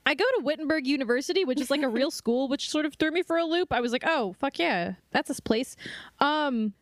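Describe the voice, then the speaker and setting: Giggly high-voiced woman podcaster. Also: fairly quick, no room sound. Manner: giggly, playful, breaks into loud mock wails. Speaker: podcast co-host. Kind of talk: casual comedic book chat.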